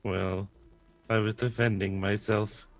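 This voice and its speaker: A man voicing an earnest android crewman in a tabletop role-play, measured, soft-spoken and literal. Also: on the low side, level tone, dry recording.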